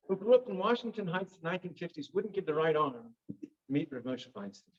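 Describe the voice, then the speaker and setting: A man's voice: high-pitched, fast, a little mellow. A man telling stories to a synagogue audience, vivid and theatrical with wry asides. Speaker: guest speaker. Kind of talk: dramatic storytelling talk. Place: synagogue hall. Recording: dull lo-fi recording.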